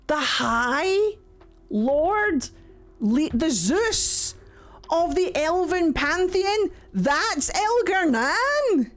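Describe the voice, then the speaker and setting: A young woman giving casual reaction commentary, mocking and excitable, who swings between shrieks and low grumbles and swears a lot. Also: extremely slow, soft background music. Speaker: streamer reacting to a game.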